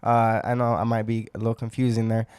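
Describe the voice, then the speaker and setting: Smooth-voiced joking podcast co-host, man. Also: lowish voice, monotone, fast talker, a little mellow, no echo, studio quality. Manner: joking, boastful banter. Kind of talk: casual chat.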